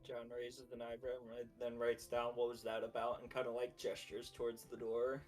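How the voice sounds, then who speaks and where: A man's voice: medium pitch, completely flat delivery, moderate pace, a little mellow, soft background music, rough recording. A man playing a tabletop game who describes what his character does. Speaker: player.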